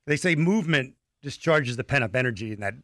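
A man co-hosting a casual podcast chat, laid-back and quick to chuckle. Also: medium pitch, lively intonation, fairly bright tone, no echo, studio quality. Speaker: podcast host.

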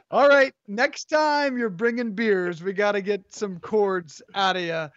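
Jokey high-voiced male sports host. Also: a bit bright, no echo, dull audio. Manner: jokey, brisk host patter. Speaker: podcast host. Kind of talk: sports radio talk.

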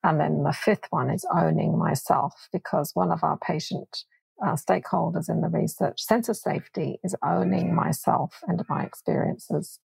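A woman being interviewed as a doctor and researcher, explaining her ideas in a thoughtful, measured way. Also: lowish voice, creaky, a little mellow, husky, no room sound, rough recording. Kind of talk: reflective interview answers.

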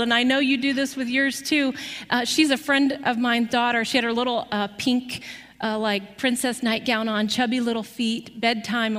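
A woman preaching a sermon, telling a story with lively rhetorical questions to her listeners. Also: fairly high pitch, big-room sound.

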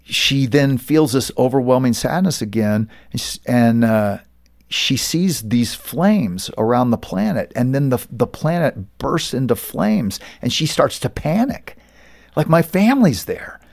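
A man's voice: mid-range voice, unhurried. A middle-aged man, a pastor and author, telling stories as a guest in an interview, acting out the quoted voices. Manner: animated storyteller, acts out quoted voices. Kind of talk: storytelling interview talk.

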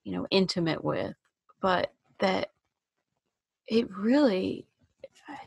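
A woman interviewer speaking slowly and gently, thoughtful, often pausing and restarting. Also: medium pitch, wildly swooping pitch, gravelly, husky, no room sound. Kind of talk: personal interview.

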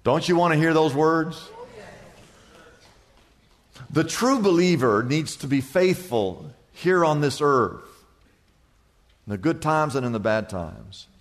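An older male pastor with a notably high-pitched voice preaching with emphatic, rising repetition. He tells stories casually and acts out the people in them. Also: lively intonation, slow, long pauses. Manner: storytelling, acting out both sides of a conversation. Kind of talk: sermon.

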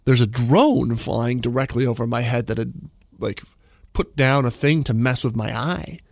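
A man's voice: medium pitch, normal speed, vocal fry, no echo. A man, telling a story casually in a studio, with lots of fillers and laughter. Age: 40s.

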